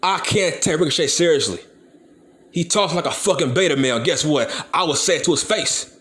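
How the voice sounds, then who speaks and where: A man's voice: fairly high pitch, expressive, a little fast, fairly bright tone. A young man from Compton, hosting his channel and ranting bluntly and profanely about wrestling. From Compton, California. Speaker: channel host. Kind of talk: ranting commentary video.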